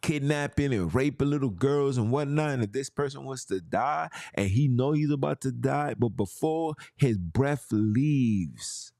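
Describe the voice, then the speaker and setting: A man's voice: medium pitch, lively intonation, a little slow, creaky, hardly any pauses, darkish tone, no echo, clean studio sound. A man hosting a podcast, talking in a casual, emphatic monologue full of street slang and preachy asides. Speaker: podcast host.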